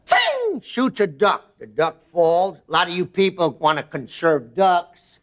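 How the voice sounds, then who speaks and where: A man's voice: fairly high pitch, unhurried. A man telling an improvised comic story as a talk show guest, bursting into sound effects. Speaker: comedian guest.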